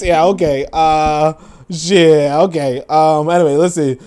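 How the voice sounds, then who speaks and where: A man's voice: high voice, sing-song, a little slow, darkish tone, smooth. A young man hosting a podcast, casually reacting to social media posts, incredulous, laughing and profane, repeating his questions. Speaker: podcast host.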